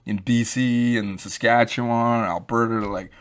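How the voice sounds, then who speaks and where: A man's voice: mid-range voice, sing-song, normal speed, hardly any pauses. A man giving rambling, emphatic, unscripted commentary, addressing viewers directly. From Canada. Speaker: YouTube crypto commentator.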